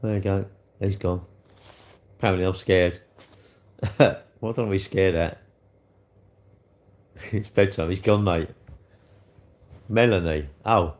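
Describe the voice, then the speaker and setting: A man's voice: sits low, steady tone, takes it slowly, long pauses. Chatty man on a livestream. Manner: chatty, bantering with viewers. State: slightly hoarse throat. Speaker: livestream host. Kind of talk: casual livestream chat reading comments.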